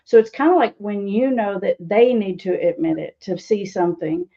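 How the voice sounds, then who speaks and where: A woman's voice: mid-range voice, normal speed, mellow, lo-fi sound. A woman recovery coach answering interview questions in a teasing, sarcastic way, often laughing. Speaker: guest speaker, addiction recovery coach.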